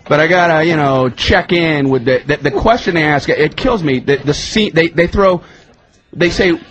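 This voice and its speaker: A man telling a comic story as a radio guest, often jumping into loud, high-pitched put-on voices. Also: animated, normal speed, highs cut off. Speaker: comedian guest. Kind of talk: storytelling comedy bit.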